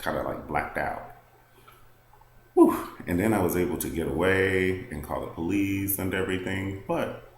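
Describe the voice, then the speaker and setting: A man's voice: sits low, echoey room, slight background noise. A man vlogging a personal story to the camera, candid and rambling, full of "like" and "um".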